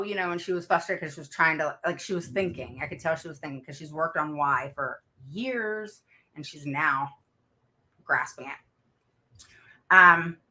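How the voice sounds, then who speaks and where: Speaking in a low voice with a sharp tone, a middle-aged woman who advocates as an autism parent chats with her livestream viewers. She tells family stories in a casual way and laughs often.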